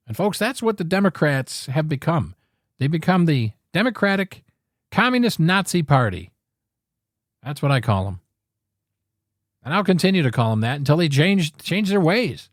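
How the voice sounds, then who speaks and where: A man's voice: a little high, animated, moderate pace, no room sound, clean studio sound. A man hosting a political talk show, ranting with angry, sarcastic emphasis and frequent swearing.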